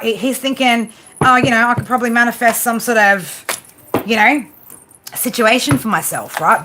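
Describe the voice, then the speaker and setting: A woman's voice: mid-range voice, fairly bright tone. Woman, tarot reader, live reading, profane, emphatic, keeps saying right, faint background noise. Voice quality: blunt and profane, peppers talk with "right?". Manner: emphatic, coaching tone.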